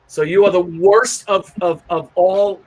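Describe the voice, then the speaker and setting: A man's voice: high voice, measured pace, rough recording. A man hosting a casual online talk show, telling a long story with many restarts and asides. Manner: rambling, animated storytelling with frequent restarts. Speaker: show host. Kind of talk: casual chat.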